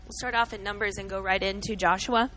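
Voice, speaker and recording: Her medium-pitched, slightly bright voice runs a little fast with fairly even intonation as this middle-aged woman speaks at a church gathering. Earnest and emotional, she tells a story, teaches from the Bible and names listeners directly. The low-quality recording carries slight background noise.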